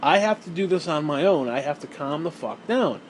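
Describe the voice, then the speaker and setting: Guy rambling on in a casual rant, voice a bit high, keeps repeating words, faint hiss behind. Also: lively intonation, fairly quick, rough recording. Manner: rambling, repeats words, swears, laughs often. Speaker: gaming and wrestling video host.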